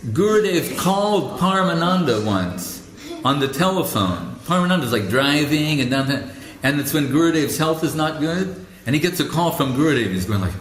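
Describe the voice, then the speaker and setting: A man, a spiritual teacher hosting a talk show, telling stories in a casual, animated way and laughing often. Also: fairly high pitch, normal speed. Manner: animated, laughing, chatty with fillers. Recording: roomy echo.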